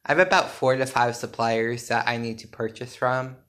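A drowsy man talking straight to his listeners in a loose, unscripted podcast update. His voice sits in an ordinary middle register. He wanders through his points with frequent fillers and quick self-corrections. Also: medium pitch, a bit bright. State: sleepy. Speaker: podcast host and small business owner. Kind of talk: casual solo podcast update.

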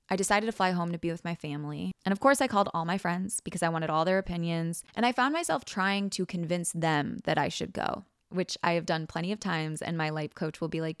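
A woman's voice: fairly low pitch, brisk, clear, resonant tone, no echo, studio quality. A young woman hosting a podcast, telling a personal story frankly and vividly, acting out quoted lines and swearing casually. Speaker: podcast host.

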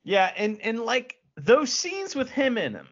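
Lively, bright-voiced man gushing about films. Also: extremely high pitch, measured pace, muffled recording. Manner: excitable, profane, laughs often. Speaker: podcast co-host. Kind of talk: casual film review chat.

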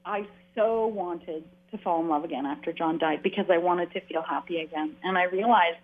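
A chatty woman from Canada, telling her story in a loose, rambling way and often restarting her sentences. Her voice comes through a thin, phone-like line that cuts off the lows and highs. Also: a little fast. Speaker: author and guest. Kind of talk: casual interview conversation.

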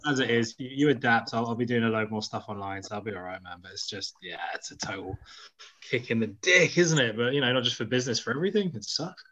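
A man's voice: mid-range voice, quick pace, bright, forceful tone, poor audio. A man chatting on a podcast over a video call, blunt and rambling, swearing casually. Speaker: podcast guest.

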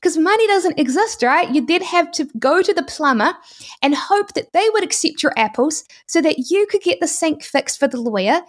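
A woman's voice: very high voice, normal speed. A woman with a New Zealand accent, a guest on a podcast, telling a story and acting out the characters in it. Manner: animated, acts out characters in a story. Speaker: podcast guest, entrepreneur educator.

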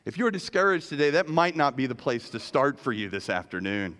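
A man's voice: medium pitch, sing-song, fairly quick, a bit bright. A man in his fifties preaching a sermon, telling a personal story in a conversational way and often repeating words as he goes. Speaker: pastor.

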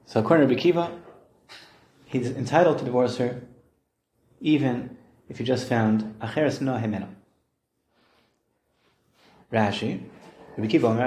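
A man giving a Talmud study lesson, explaining lively and acting out the quoted voices. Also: mid-range voice, normal speed, long pauses. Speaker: Talmud teacher. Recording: roomy echo.

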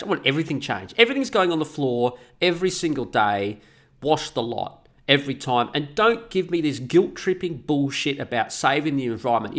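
A man's voice: mid-range voice, big pitch swings, fairly quick. A middle-aged man telling a story and ranting casually, swearing a lot. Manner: profane, ranting, mocking voices. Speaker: vlogger.

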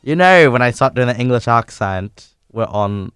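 A man's voice: mid-range voice, lively intonation, normal speed, fairly bright tone, clear, resonant tone, no room sound, soft background music. Foul-mouthed male podcast host, dry sound. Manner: profane, swears constantly. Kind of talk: casual podcast chat. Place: small stuffy studio.

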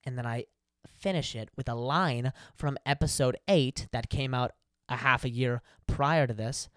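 Animated man telling a story. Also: medium pitch, measured pace, no echo, clean studio sound. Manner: animated storyteller acting out quotes. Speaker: podcast co-host. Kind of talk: casual storytelling chat.

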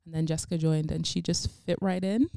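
A young woman with a low, fry-edged voice interviews a friend on a podcast. She chats in long bubbly runs and giggles often, and the close mic gives a dry sound with no room. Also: fairly even intonation, a little fast, dark tone, no echo. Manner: bubbly, giggly, talks in long run-on stretches. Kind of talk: casual podcast chat.

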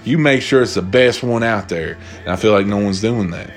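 Soft music plays behind a young man with a fairly low pitch speaking at normal speed. He hosts a casual solo podcast, rambling, cursing freely, and loosely retelling stories.

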